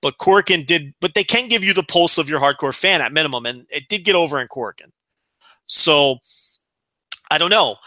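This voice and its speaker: A man's voice: on the high side, lively intonation, brisk, pushed and bright, no echo. A man co-hosting a podcast, giving opinionated analysis in casual talk with frequent restarts. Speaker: podcast co-host.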